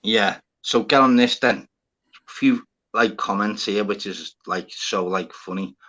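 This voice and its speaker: Brief: man, livestream host, bright and lively tone, swears freely, acts out every back-and-forth as he goes. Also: fairly low pitch, unhurried, muffled recording. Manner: swearing, animated, acts out both sides of conversations. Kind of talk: casual storytelling chat. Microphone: phone on a live stream panel.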